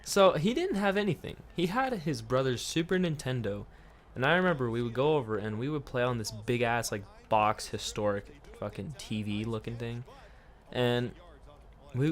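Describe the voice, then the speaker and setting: A vlogger with a mid-range voice and vocal fry rambles through a childhood story, laughing often and swearing freely. There's slight background noise.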